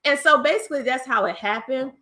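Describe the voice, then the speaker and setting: A woman with a Southern US accent and a country twang, telling her story as a guest in a casual interview, lively and acting out other voices. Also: high voice, brisk. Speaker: podcast guest.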